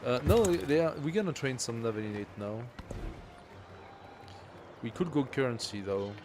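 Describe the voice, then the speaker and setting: A man's voice: medium pitch, expressive, moderate pace, background noise. A man streaming a strategy game, thinking aloud and reading game text as he plays. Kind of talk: casual live gameplay commentary.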